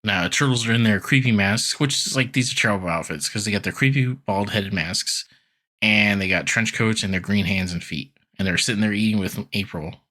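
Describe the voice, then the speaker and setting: A man's voice: lowish voice, fairly quick, sharp tone. A man co-hosting a podcast, chatting through a casual cartoon episode recap and laughing often. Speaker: podcast co-host.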